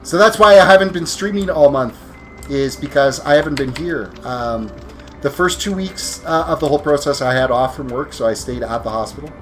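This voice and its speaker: Over faint music, a tired man with a mid-range voice streams a video game live at a moderate pace. He chats casually with viewers while playing, rambling and correcting himself as he goes.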